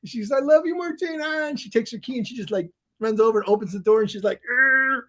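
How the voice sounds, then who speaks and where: A middle-aged man with a high, light voice tells a personal story as a podcast guest. He talks in a loose, conversational way and acts out the people in his story with sudden loud exclamations. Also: steady tone, rapid-fire, slightly rough. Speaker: guest, coach and author.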